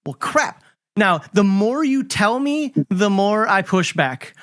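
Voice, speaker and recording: A man in his fifties hosting an interview, telling old service stories in a casual, animated way, laughing and swearing freely. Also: high voice, takes it slowly. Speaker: host.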